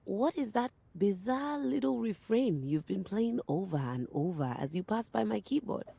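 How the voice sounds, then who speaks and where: A woman's voice: mid-range voice, expressive, normal speed, vocal fry, mellow, husky, no echo. An actress playing a haughty, refined keyboard woman with a condescending, polished way of speaking. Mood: aloof.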